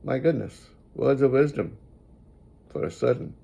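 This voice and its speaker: A man giving moral advice in a reflective spoken monologue, deliberately repeating lines for emphasis. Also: mid-range voice, lively intonation, gravelly, dark tone, lo-fi sound.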